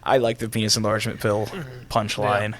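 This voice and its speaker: A man co-hosting a casual podcast, telling a spooky story with dramatic pauses and swearing. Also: lowish voice, completely flat delivery, fairly bright tone. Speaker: podcast co-host. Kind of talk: casual chat and campfire story.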